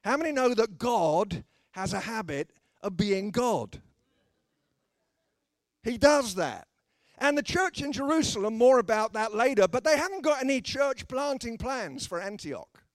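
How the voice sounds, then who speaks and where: A man's voice: very high-pitched, lively intonation, unhurried, dry recording, studio quality. A man preaching a sermon with emphasis, breaking into joking asides to the congregation.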